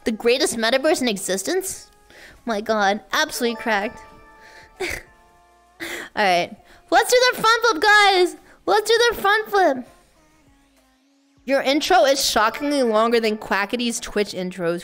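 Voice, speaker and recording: A woman streamer with a high, squeaky voice, chatting casually and excitably with her chat, often shrieking and laughing. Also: normal speed, faint music behind.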